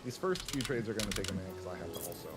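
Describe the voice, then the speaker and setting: Man, co-player, laid-back teasing chat, game music clearly audible. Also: deep voice, animated, racing. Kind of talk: casual gaming chat.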